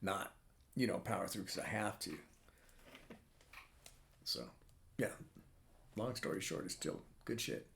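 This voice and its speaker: A man's voice: on the low side, expressive, measured pace, vocal fry, pauses often, a bit bright, slight background noise. A middle-aged man chatting casually on a live stream from his home drawing room, rambling and swearing freely. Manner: rambling and profane, lots of fillers. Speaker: cartoonist streamer.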